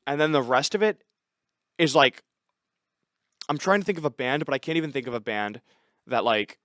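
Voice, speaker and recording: A man's voice: mid-range voice, normal speed, a bit bright, dry recording, studio quality. A man co-hosting a podcast in casual chat, sarcastic and mocking characters by putting on voices. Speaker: podcast co-host.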